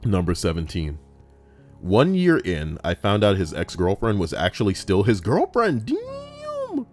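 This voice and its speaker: A man's voice: deep voice, wildly swooping pitch, normal speed, faint music behind. A young man hosting a comedic commentary, reading online stories aloud, swearing, joking and switching into mock voices.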